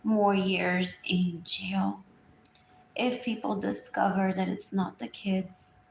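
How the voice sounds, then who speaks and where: A woman's voice: mid-range voice, level tone, slow pace, vocal fry, a little hiss or hum. A woman, rambling through a live stream, repetitive and drifting, often trailing off into murmurs. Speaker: livestreamer. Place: indoors at home. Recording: roomy echo.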